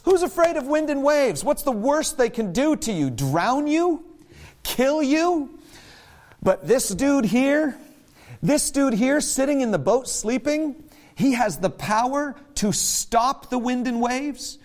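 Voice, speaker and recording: Male pastor, sermon, high-pitched, animated, dramatizes quotes with big pitch jumps. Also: slow. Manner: conversational and emphatic.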